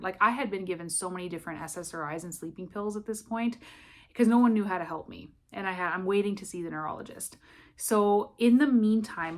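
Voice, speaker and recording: A woman's voice: fairly low pitch, a bit bright. A woman vlogging at home in her apartment, retelling a personal story in a candid, rambling way full of "I'm like" asides.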